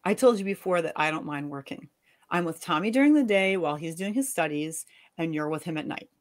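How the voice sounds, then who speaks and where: A woman's voice: sits low, expressive, fairly quick. A woman in a live reading, voicing an angry, sarcastic wife and mother scolding her husband. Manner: sharp, sarcastic.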